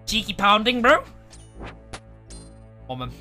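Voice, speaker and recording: A man streaming a game live, excitable and swearing as he reacts and talks to his chat. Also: high-pitched, takes it slowly, faint music behind. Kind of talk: live gameplay commentary to chat.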